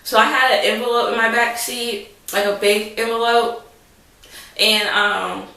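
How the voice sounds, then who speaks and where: A woman's voice: a little high, steady tone, measured pace, gravelly, pushed and bright. A young woman telling a story to the camera in a rambling, dramatic way, full of "like". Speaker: vlogger. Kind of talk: casual storytelling. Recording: roomy echo, mic at a distance.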